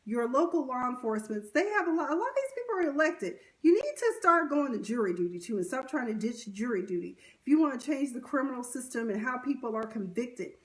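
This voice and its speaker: A woman's voice: sits high, big pitch swings, a little fast, few pauses, far from the mic. A young woman giving blunt, opinionated commentary in a casual vlog, often repeating words as she starts sentences. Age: young adult. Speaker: vlogger.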